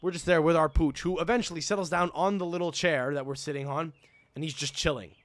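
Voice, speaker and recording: A young man hosting a podcast, telling a story in an excitable, profane rant. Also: a little high, fast talker. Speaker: podcast host. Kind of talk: casual rant.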